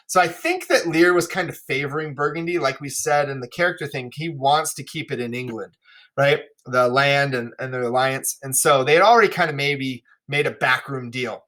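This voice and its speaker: Chatty male teacher, bright voice. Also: medium pitch, moderate pace. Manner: casual, chatty, frequent "right?" asides. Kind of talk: lesson explaining a play.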